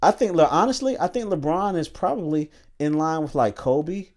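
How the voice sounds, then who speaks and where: Rambling man in animated sports chat. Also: fairly high pitch, normal speed. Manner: rambling, restarts often, searches for names. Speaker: podcast co-host.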